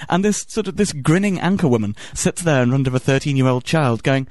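A man co-hosts a joking conversation, slipping into exaggerated voices as he tells a story. His voice sits a little high, and the sound is dry and close. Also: brisk, few pauses, no echo. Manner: animated storyteller, acts out quoted voices. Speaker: podcast co-host. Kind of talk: casual comedic chat.

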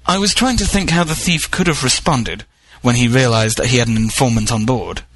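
A man delivers a scripted comic report in a wry, wordy, deadpan way. His voice sits at a middle pitch. The recording is close and dry, with no room sound. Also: a little fast, dry recording, low-quality recording. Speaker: correspondent.

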